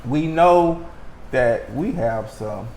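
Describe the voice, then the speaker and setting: A man's voice: medium pitch, expressive, drawn-out words, darkish tone. A man hosting a casual interview, joking and hyping up his audience. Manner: hyped, joking, addresses audience. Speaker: talk show host. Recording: echoey room, faint noise.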